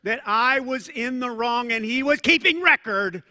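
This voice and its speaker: A male pastor preaching a sermon in a conversational, animated way, with asides and self-corrections. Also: very high-pitched, measured pace. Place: church sanctuary. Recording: long reverb of a large church hall.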